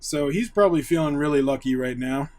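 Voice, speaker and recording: Excitable man recapping a TV episode. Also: fairly high pitch. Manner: excitable, retells scenes in quick paraphrase. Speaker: YouTube show host.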